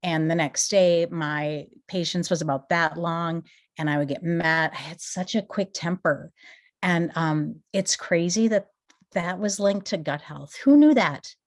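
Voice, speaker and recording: A woman in her forties from Minnesota, giving an earnest, emotional testimony as a guest speaker and rising into excited rhetorical questions. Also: lowish voice. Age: 40s. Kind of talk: motivational company testimony.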